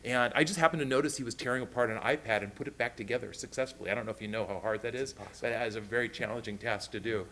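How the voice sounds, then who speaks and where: Fast-talking excited man at a board meeting. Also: medium pitch, slight background noise. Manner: enthusiastic, acts out quotes in voices. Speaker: school program presenter. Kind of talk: animated storytelling at a board meeting. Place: school board meeting room.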